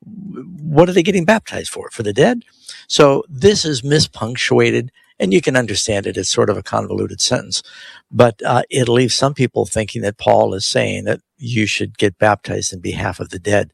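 Gravelly-voiced pastor hosting call-in radio. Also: male voice, fairly low pitch, moderate pace, no echo. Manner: animated, reads verses aloud with emphasis. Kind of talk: explaining scripture on live radio.

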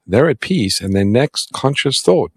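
A man's voice: mid-range voice, measured pace, husky, no room sound, studio quality. A man co-hosting a Bible call-in radio show as a pastor, giving out the number and bringing on callers. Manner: lively, gives phone numbers and takes callers.

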